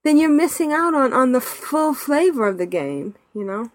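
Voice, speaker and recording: A woman with a fairly high, lively voice that climbs and dips as she talks. She hosts a podcast in casual chat, animated and chatty, laughing often. The sound is dry and close, with no room around it. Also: moderate pace, no echo. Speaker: podcast host.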